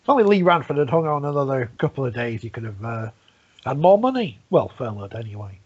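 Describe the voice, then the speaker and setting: Wry host on a dull line. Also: male voice, medium pitch, sing-song, brisk, darkish tone, husky. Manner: wry, teasing, laughs between points. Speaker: podcast host. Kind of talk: casual podcast chat.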